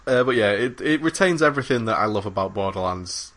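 A man's voice: lowish voice, expressive, fast talker, fairly bright tone. A man co-hosting a gaming podcast, talking casually and rambling with many fillers and restarts. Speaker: podcast co-host. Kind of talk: casual chat about games.

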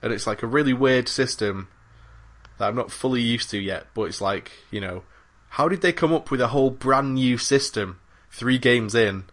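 A man's voice: mid-range voice, moderate pace, fairly bright tone. A man co-hosting a gaming podcast, talking casually and rambling with many fillers and restarts. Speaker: podcast co-host. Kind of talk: casual chat about games.

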